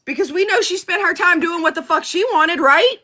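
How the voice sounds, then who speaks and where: A woman's voice: very high-pitched, pushed and bright. A woman vlogger delivering a heated, profane live rant on politics. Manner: heated, profane, fast-talking.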